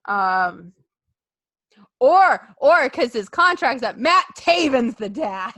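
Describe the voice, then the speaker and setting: A woman co-hosting a casual wrestling podcast, animated and laughing, acting out others' lines in jokey voices. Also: high voice, takes it slowly, no echo, studio quality. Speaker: podcast co-host.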